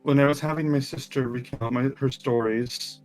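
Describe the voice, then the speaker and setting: A man voicing a calm, dry sister who speaks in a low, measured way. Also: faint music behind, close to an everyday voice.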